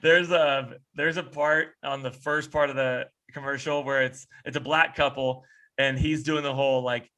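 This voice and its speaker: A man co-hosting a podcast over a video call, ranting in an animated, profane way and slipping into mocking impressions. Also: mid-range voice, moderate pace. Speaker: podcast co-host.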